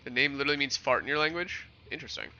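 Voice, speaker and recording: A man's voice: medium pitch, expressive, very fast, pushed and bright, highs cut off. A young man from New York chatting casually with viewers while streaming a game, rambling and answering questions. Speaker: gaming streamer. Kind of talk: casual livestream chat while playing.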